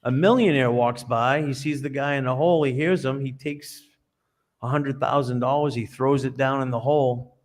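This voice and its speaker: A man's voice: medium pitch, fairly even intonation, moderate pace. Man, podcast guest, earnest, storytelling like a preacher, over a video call. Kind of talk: conversational interview.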